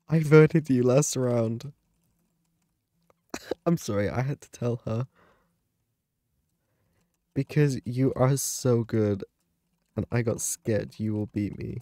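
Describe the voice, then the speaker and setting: A man's voice: mid-range voice, slow pace, long pauses, dark tone, no room sound, clean studio sound. A man giving live gaming commentary, dramatic and panicky, often exclaiming and laughing. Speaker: gaming video creator.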